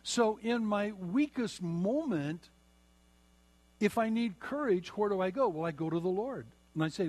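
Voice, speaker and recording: A middle-aged man preaching a sermon, slowing down and repeating phrases for emphasis. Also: high-pitched, expressive, a little mellow. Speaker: pastor.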